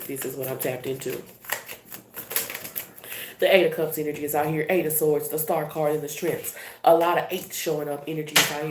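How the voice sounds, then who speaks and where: A woman's voice: on the low side, a little mellow, echoey room. Blunt, profane woman tarot reader. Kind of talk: casual spiritual reading.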